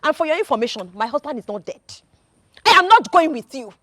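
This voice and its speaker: An actress playing a fierce, loyal young wife with a Nigerian accent, shouting and accusing in a film drama. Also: female voice, high-pitched, big pitch swings, fast talker, no room sound. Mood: defiant. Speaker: wife defending her husband.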